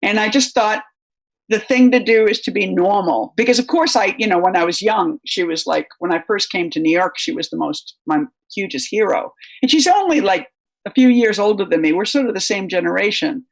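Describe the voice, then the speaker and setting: A woman's voice: medium pitch, a little fast, vocal fry. An older American woman, a guest writer, answering interview questions in a rambling, anecdotal way with many fillers.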